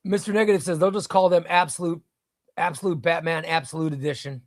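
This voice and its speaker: A man's voice: on the high side, steady tone, fast, dry recording, clean studio sound. A man hosting a casual live stream, reading viewer chat and rambling, often repeating himself. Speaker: livestream host reading chat.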